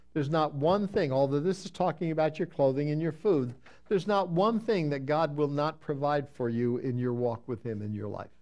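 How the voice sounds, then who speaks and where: A man delivers a sermon, leaning hard on each scripture verse before easing into plain, conversational explanation. His voice sits at an ordinary pitch, and he sometimes breaks off to answer people in the pews. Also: darkish tone. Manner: reads scripture slowly with emphasis, then explains conversationally. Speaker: pastor. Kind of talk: sermon, Bible teaching.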